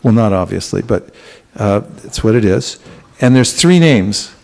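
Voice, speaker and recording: A man giving a spiritual talk to a congregation in a temple, speaking gently and unhurriedly, with frequent restarts and questions to his listeners. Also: on the low side, animated, unhurried, gravelly. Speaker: spiritual teacher. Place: temple hall.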